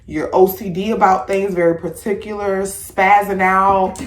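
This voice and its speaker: A woman hosting a casual podcast chat, talking bluntly with plenty of swearing and lively storytelling. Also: medium pitch, measured pace, reverberant, a little hiss or hum. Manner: blunt, profane, animated storytelling. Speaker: podcast host. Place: home room with incense.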